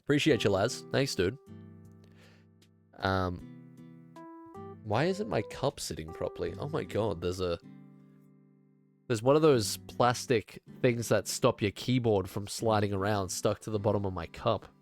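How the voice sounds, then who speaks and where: A man's voice: fairly low pitch, lively intonation, unhurried, creaky, long pauses, faint music behind. A young man streaming a video game, congested from a cold, chatting casually to his viewers with sarcastic, mock-outraged asides. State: congested, sick. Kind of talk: casual gaming stream chat.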